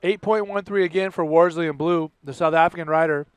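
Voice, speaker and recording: A man calling a live sports contest play-by-play, in an energetic, exclamatory way. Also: a little high, a little fast, clean tone, dry recording. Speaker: contest commentator.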